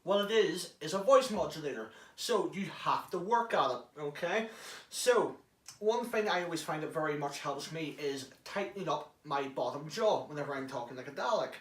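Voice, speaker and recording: A prop hobbyist gives a chatty, jokey how-to demonstration with some swearing, speaking from inside an enclosed prop casing. His voice is fairly high, expressive and a bit bright at a moderate pace, sounding echoey and far off the mic.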